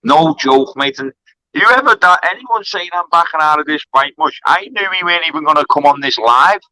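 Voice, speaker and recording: A man's voice: fairly high pitch, lively intonation, a little fast, bright, forceful tone, no room sound, poor audio. A man, a fighter on a charity card, trash-talking heatedly on a live stream from a kebab shop. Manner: aggressive, swearing trash talk.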